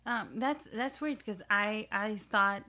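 A woman's voice: medium pitch, slow, sharp tone. A woman, a TV critic and comedian, giving her view of an episode in casual chat and searching for words as she thinks. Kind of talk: casual TV discussion.

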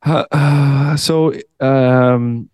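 A man co-hosting a comedy podcast, riffing with goofy, deadpan absurd jokes. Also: mid-range voice, drawn-out words, no echo, studio quality. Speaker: podcast co-host. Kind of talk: casual comedy banter.

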